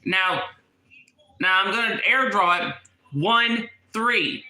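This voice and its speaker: A man talking in a casual vlog with a blocked, congested nose. His voice sits high for a man and sounds very bright and sharp, with an echoey room around him. He is agitated, and he repeats himself as he hunts for his words. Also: animated, takes it slowly. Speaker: YouTuber.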